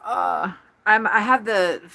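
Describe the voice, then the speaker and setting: A woman live-streaming from inside her RV on a phone propped on a tripod, chatting quickly and jumping from one thing to the next. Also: medium pitch, gravelly. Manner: fast, scattered, excitable chatter. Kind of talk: casual live-stream chat. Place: inside an RV at a campground.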